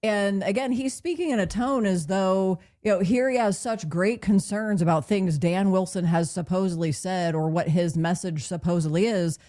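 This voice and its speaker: A woman co-hosting a political talk show, chiming in with quick, emphatic remarks. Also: medium pitch, dark tone.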